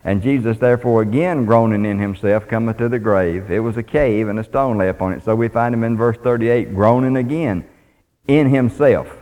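A man preaching in a folksy, plainspoken way, reading scripture as he goes. His voice sits at a middle pitch and carries a long reverb off the walls of a church hall. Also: normal speed, mellow. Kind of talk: sermon.

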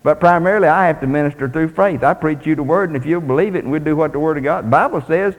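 A man's voice: a little high, fast, few pauses. A man preaching a sermon in a folksy, plainspoken way, reading scripture aloud. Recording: long hall reverb.

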